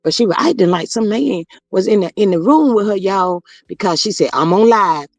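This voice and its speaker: High-voiced man gossiping on a livestream. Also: expressive, a little fast, vocal fry, a little mellow, dry recording, soft background music. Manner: chatty, reads viewer comments aloud, drawling asides to chat. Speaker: livestream host. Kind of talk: casual gossip commentary livestream.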